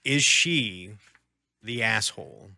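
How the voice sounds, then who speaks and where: Low, sharp-toned man telling a story. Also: animated, slow, no room sound, clean studio sound. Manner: hesitant, many fillers, mimics quoted voices. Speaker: podcast co-host. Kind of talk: casual chat, reading a story aloud.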